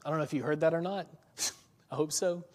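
A man's voice: a little high, brisk, darkish tone. A man preaching a sermon, reading scripture aloud and acting out the biblical characters' lines, with frequent chuckles and questions to his listeners. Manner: conversational, asks the audience questions, chuckles often. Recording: long hall reverb.

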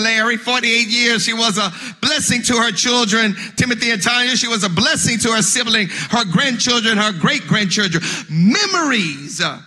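A high, piercingly bright male pastor preaches a funeral sermon in a church sanctuary. His rhythmic delivery swells into shouted, half-sung cadences, and he repeats words as he starts his phrases. His voice rings with long hall reverb.

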